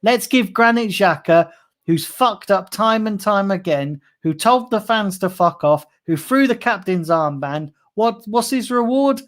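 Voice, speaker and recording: A man's voice: high voice, lively intonation, a little slow, fairly bright tone. Young guy losing it on a fan livestream, swearing nonstop, super sarcastic. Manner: angry, sweary, sarcastic ranting. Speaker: football fan channel host. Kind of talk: live-streamed fan rant.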